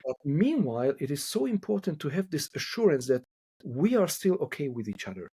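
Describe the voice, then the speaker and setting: A man's voice: on the high side, very animated, brisk, mellow, breathy edge, dry recording. A man from Hungary who speaks English as a second language, a couple therapist talking thoughtfully in a podcast interview and repeating words as he searches for them.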